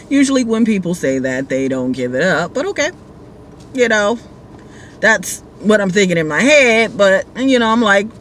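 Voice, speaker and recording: A woman's voice: on the high side, animated, normal speed, a bit bright, a little hiss or hum. A woman who drives for a rideshare service, casually telling a story with amused laughs.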